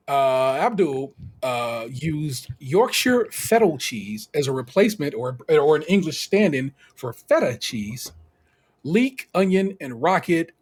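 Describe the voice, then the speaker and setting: An American man co-hosting a podcast, talking in a loose, slangy, animated way. His voice sits fairly high for a man. He laughs easily as he recaps the show for his listeners. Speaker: podcast co-host. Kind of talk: casual chat recapping a TV show.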